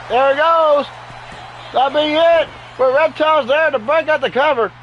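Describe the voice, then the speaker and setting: High-voiced man doing excitable play-by-play. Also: a little hiss or hum, rough recording. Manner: excitable, keeps exclaiming "uh-oh". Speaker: game commentator. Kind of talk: play-by-play commentary over a wrestling game. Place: home with sleeping dogs nearby.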